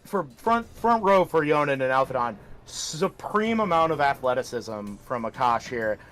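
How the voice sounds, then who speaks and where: A man's voice: mid-range voice, expressive, moderate pace, a bit bright, soft background music. A man running a tabletop game as game master, narrating combat vividly with casual swearing.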